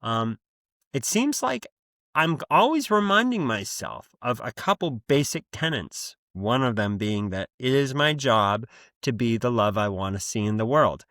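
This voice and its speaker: A man's voice: mid-range voice, expressive, unhurried, a bit bright, no room sound, studio quality. A man hosting his own podcast in a casual, rambling monologue, blunt and freely profane. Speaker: podcast host.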